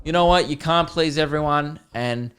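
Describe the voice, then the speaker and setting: Animated young man telling a story. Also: on the high side, moderate pace, clean tone. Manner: animated, acts out both sides of the chat. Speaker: comedian podcast host. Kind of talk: storytelling monologue.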